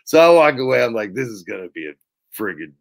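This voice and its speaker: A middle-aged man, a guest in an interview, telling casual anecdotes in an animated way, swearing freely and acting out what others said. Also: medium pitch, quick pace, creaky. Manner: animated, swears freely, acts out quoted lines.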